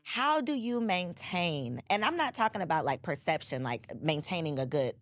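A woman hosts a casual podcast interview with a fairly low voice that rises and falls a lot. She asks her questions in a slow, thoughtful, conversational way. The studio sound is close and dry. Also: animated, fairly bright tone, no room sound. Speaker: podcast host. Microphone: studio podcast mic.

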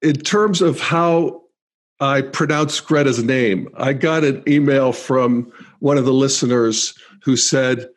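A man hosting his own podcast, talking through listener comments in a thoughtful, measured way with pauses. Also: medium pitch. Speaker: podcast host. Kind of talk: reflective solo podcast monologue.

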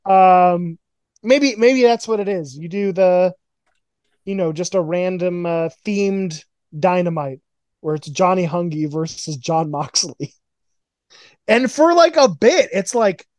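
His voice sitting high and slow in a dry recording, a podcast host casually talks fantasy booking on a video call. The chat is rambling and profane, with lively storytelling and mocking quotations.

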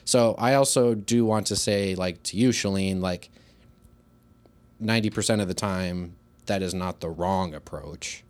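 A high school teacher co-hosting a podcast, talking casually and thinking aloud with frequent restarts. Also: male voice, measured pace. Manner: easygoing, acts out quoted lines in a livelier voice. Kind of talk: casual conversation.

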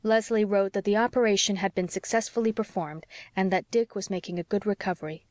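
Lady narrating an old novel, steady, dry studio sound. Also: medium pitch, a little fast, dry recording. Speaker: audiobook narrator. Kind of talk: scripted narration.

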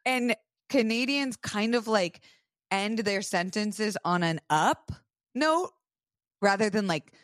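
Animated giggly woman. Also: medium pitch, slow, no echo, studio quality. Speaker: podcast co-host. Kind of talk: casual live podcast chat. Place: live show venue.

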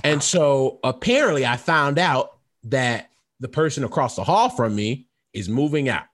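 Animated man telling stories on a podcast. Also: normal speed. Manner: animated storyteller, jumps into high squeals and laughs. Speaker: podcast co-host. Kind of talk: casual podcast banter.

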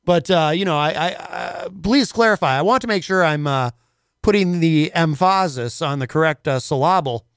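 A man's voice: on the high side, normal speed, a bit bright, smooth, no room sound, clean studio sound. A man hosting a casual talk radio show, rambling and full of filler words.

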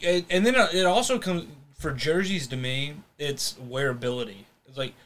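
A man co-hosting a casual podcast chat, rambling and restarting his sentences, with sudden animated bursts. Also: on the high side, normal speed. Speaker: podcast co-host.

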